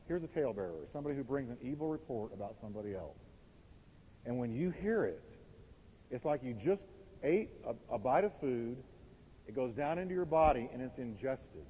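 A man preaching a sermon from the pulpit, emphatic, swinging between loud and quiet lines. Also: mid-range voice, expressive, brisk, husky. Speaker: pastor. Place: warm church sanctuary. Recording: dull, reverberant church recording.

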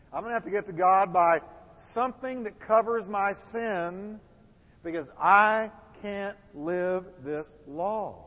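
A man's voice: high voice, in a large hall, dull audio. A man preaching a sermon as pastor, building emphasis and putting questions to the congregation.

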